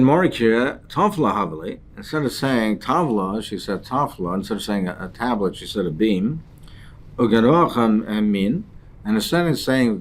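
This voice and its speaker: Man, lowish voice, Talmud teacher, halting line-by-line translation with restarts. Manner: translates Aramaic phrases into English line by line. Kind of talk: daily Talmud lesson.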